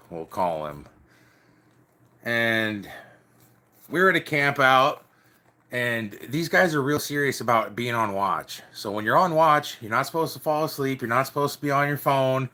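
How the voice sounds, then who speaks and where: A man's voice: mid-range voice, pushed and bright. A young man telling stories casually to camera in a loose, slangy, swearing way, acting out the quotes.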